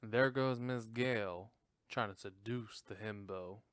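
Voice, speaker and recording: Animated, cursing male podcast host. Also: on the low side, a little slow, smooth, no room sound, studio quality. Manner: animated, profane, rambling with many fillers. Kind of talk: casual movie review.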